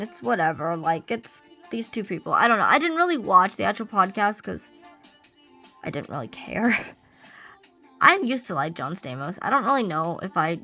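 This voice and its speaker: Animated young woman ranting, faint music. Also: mid-range voice, low-quality recording. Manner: animated, ranting, many fillers. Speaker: vlogger. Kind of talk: casual rant while doing makeup. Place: at home getting ready. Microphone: camera she sets up herself.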